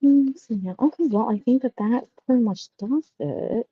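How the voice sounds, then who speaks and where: A woman's voice: a little high, normal speed, breathy edge, no echo, narrow, tinny audio. A woman vlogging casually while she shops in a store, chatty and rambling with folksy sayings. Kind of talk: casual shopping vlog.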